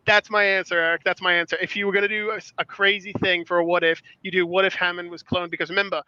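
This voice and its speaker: An excitable man with a high, bright voice talks in a rambling way and laughs often as a podcast guest. His voice has a bright edge. The sound is dull and lo-fi, with a dry, close feel. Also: quick pace, clear, resonant tone, no echo. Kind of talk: casual chat.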